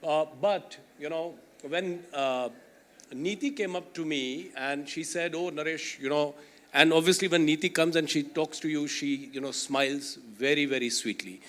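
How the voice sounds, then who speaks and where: A man's voice: fairly high pitch, normal speed, a bit bright. A man moderating a conference panel, telling a self-deprecating anecdote and then introducing the panelists, with a chatty manner full of "you know".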